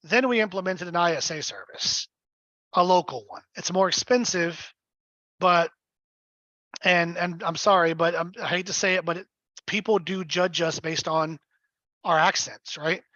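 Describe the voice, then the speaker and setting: A man's voice: high voice, normal speed, sharp tone, dry recording, highs cut off. A man coaching real estate agents in a live webinar, blunt and emphatic, often checking in with his listeners. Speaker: real estate sales trainer.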